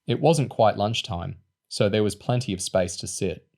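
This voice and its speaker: A man reading a novel aloud in a steady narrating voice. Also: on the low side, moderate pace, vocal fry. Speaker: audiobook reader. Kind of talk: storybook reading.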